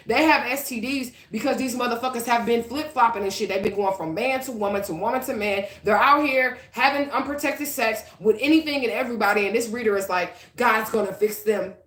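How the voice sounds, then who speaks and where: A woman's voice: mid-range voice, a bit bright, reverberant. A woman, a psychic reader ranting profanely and combatively to her followers in a vlog. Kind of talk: rambling vlog rant.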